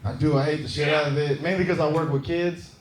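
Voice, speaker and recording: A man's voice: on the high side, steady tone, fast talker, very noisy. A man doing a stand-up set, brash and profane, teasing the crowd from a comedy club stage. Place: comedy club stage before a laughing audience. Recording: roomy club sound with crowd laughter.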